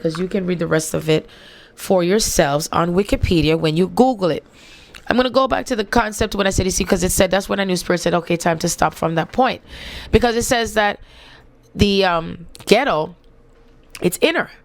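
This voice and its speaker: Jamaican woman, forties, gravelly edge, emphatic rhetorical monologue host. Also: on the low side, brisk. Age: 40s. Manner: emphatic, rhetorical asides, repeats phrases. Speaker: spiritual channel host. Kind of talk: casual monologue with read-aloud passages.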